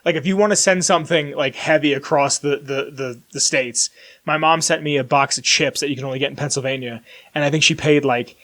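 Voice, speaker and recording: A young man with a fairly high voice tells a story on a podcast, ranting with exasperation. He keeps slipping into quick little voices for everyone else in the tale. His telling is loose and casual, full of asides. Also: fairly bright tone. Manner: acts out other people's lines in quick shifting voices. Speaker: podcast co-host.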